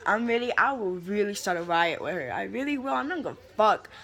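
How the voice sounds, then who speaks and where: A young woman in full rant mode, swearing freely and brimming with attitude, her voice at an ordinary middle pitch for a woman. She talks like a vlogger venting straight to her viewers, throwing in a sassy "honey" here and there. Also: expressive, a little fast, a bit bright. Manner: profane, fired-up, sassy, calls people honey. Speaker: vlogger ranting about wrestling. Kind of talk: heated casual rant.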